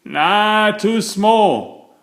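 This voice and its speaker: A man's voice: high-pitched, extremely slow, fairly bright tone, pitched above the performer's own voice, exaggerated voice. A man voicing a confident woman doctor in a storybook reading, breezy and sure of herself. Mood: self-assured. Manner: breezy, self-assured. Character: brisk confident woman doctor, needle-happy.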